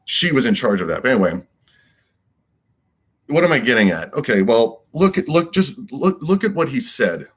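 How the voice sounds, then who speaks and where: A man's voice: mid-range voice, big pitch swings, normal speed, slightly rough. A man giving a rambling solo monologue as a commentator, emphatic and repetitive and full of rhetorical questions. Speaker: political commentator.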